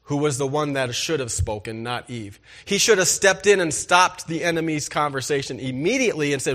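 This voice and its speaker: A man's fairly high-pitched voice delivers a sermon as pastor. He speaks emphatically and keeps putting rhetorical questions to his listeners. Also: expressive, brisk, hardly any pauses, bright, forceful tone.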